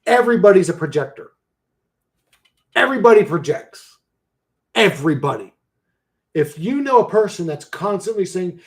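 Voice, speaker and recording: Slangy man in his forties, higher voice. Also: lively intonation, brisk, pauses often. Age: 40s. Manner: slangy, profane, laughing often. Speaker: livestreamer. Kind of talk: casual livestream chat.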